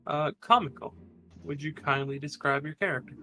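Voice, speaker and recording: A man's voice: on the high side, moderate pace, pushed and bright, soft background music. A man running a tabletop game as game master, narrating with hesitant fillers.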